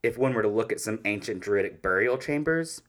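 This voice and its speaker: A man's voice: lowish voice, expressive, brisk, fairly bright tone. A man co-hosting a podcast, chatting casually about history with opinionated, swearing asides. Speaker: podcast co-host.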